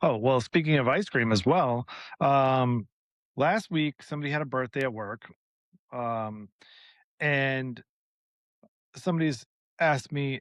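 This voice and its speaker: A man co-hosting a podcast, telling a long story in a casual, animated way, acting out the people in it and swearing freely. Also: mid-range voice, a little slow, pauses often, no room sound. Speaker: podcast co-host.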